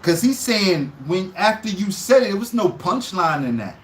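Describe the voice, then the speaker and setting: A man breaking down a battle rap on a casual live stream, quoting lines in a raised, animated voice and talking in loose slang. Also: high-pitched, moderate pace.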